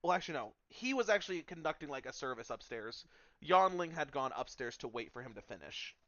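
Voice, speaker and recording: A man's voice: on the high side, sing-song, brisk, pushed and bright, dry recording, dull audio. A man narrating a tabletop game as game master, casual and full of fillers.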